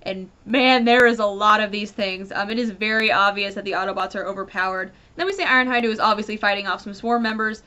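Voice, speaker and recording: Bright-voiced ranting woman reviewer. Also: mid-range voice, fast, few pauses. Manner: animated, rambling, lots of fillers. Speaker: comic book reviewer.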